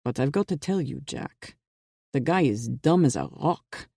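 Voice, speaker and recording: Ehud, narrator as a slow, confiding officer. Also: male voice, mid-range voice, lively intonation, vocal fry, mellow, slightly rough, dry recording, studio quality, full character voice. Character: Ehud, a guarded man security officer.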